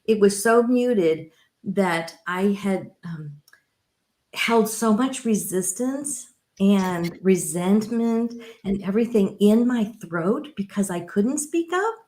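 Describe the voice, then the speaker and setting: A middle-aged woman hosting a podcast interview, affirming and reflective, with a deep, rich tone. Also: expressive, slow pace, darkish tone. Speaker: podcast host. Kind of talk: conversational interview. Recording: roomy echo.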